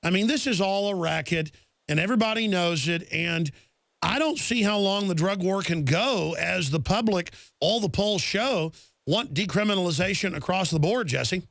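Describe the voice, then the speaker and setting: A man's voice: sits high, lively intonation, moderate pace, gravelly, a bit bright, no echo. A man hosting an interview, talking fervently and emphatically, piling point on point. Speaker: host. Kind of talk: talk show interview.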